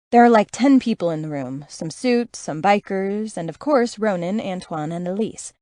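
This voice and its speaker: A woman narrates a first-person story with a sarcastic, self-assured tone. Her voice sits at a middle pitch. It is recorded close to the mic in a dry space with no echo. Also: a little mellow. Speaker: audiobook narrator.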